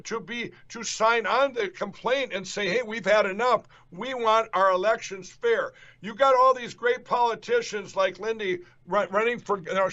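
A man's voice: high-pitched, fairly bright tone. A man hosting a political interview show, talking emphatically and repeating himself to rally his listeners. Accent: Upper Midwest American. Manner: emphatic, repetitive, rallying the audience. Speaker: show host. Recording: dull lo-fi audio.

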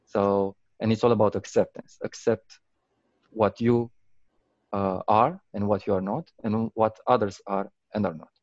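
Guy with a lowish voice telling stories in an interview, acts out the quotes, lots of likes and ums, dry slightly dull sound. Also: a little slow, no room sound. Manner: animated, acts out quotes with big pitch jumps, many fillers. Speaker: guest, game company founder. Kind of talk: casual interview storytelling.

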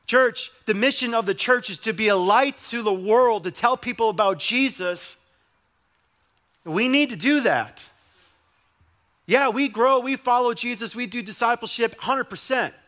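A man's voice: sits high, pushed and bright. A young adult male pastor preaching a sermon in a conversational way, with emphatic repetition.

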